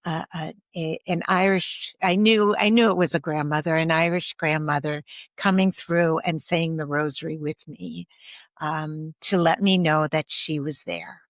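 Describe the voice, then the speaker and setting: A woman with a fairly low voice speaks softly as a podcast guest, thoughtful and unhurried, often pausing with an um. The sound is dry and close, with no room around it. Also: fairly even intonation, dry recording. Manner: soft-spoken, thoughtful, with frequent pauses and ums. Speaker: guest, grief and ancestral healer. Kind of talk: reflective podcast conversation.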